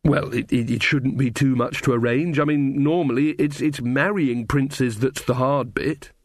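A man's voice: medium pitch, fairly even intonation, measured pace, dry recording, clean studio sound, natural voice. A man voicing a flustered young woman witch who stammers and hesitates. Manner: hesitant, full of ums.

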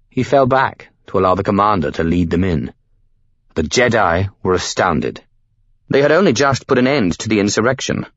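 A man narrating a novel in a measured, scripted storytelling delivery. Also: low voice, dry recording, dull audio. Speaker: audiobook narrator.

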